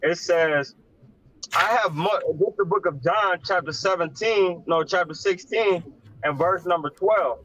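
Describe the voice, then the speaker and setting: A man with a fairly high voice joins the scripture talk from his car while driving and explains passages in a casual, slangy way. His audio comes through dull and lo-fi. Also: unhurried, a bit bright, slight background noise. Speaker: Bible study participant. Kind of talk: casual scripture discussion on a livestream.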